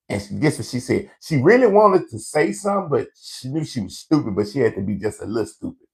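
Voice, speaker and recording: A man's voice: medium pitch, very animated, fairly quick, creaky. A man hosting a live comedy show, ranting in a brash, profane storytelling way to online viewers.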